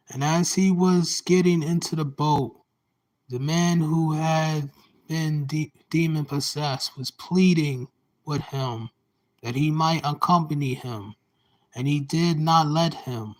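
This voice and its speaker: In poor-quality audio, a man with a highish voice reads scripture aloud. He goes deliberately, phrase by phrase, and now and then corrects himself mid-word.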